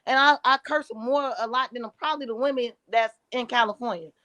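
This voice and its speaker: A woman with a notably high voice, making her case in a heated podcast debate. She talks bluntly and emphatically and curses freely. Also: brisk, fairly bright tone. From Chicago, USA. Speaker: debate panelist.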